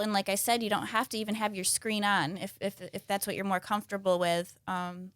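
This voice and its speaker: Smooth-voiced woman guest. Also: mid-range voice, little pitch movement, fairly quick, fairly bright tone, no echo, clean studio sound. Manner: eager, sprinkled with ums and restarts. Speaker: community ambassador guest. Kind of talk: casual conversation.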